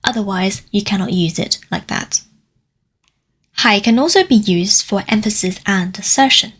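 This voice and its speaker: A woman with a husky, slightly breathy voice delivers a scripted language lesson. She explains grammar step by step in a clear, careful way and slows down to sound out each example phrase. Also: medium pitch, a bit bright. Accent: Cantonese. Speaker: language teacher.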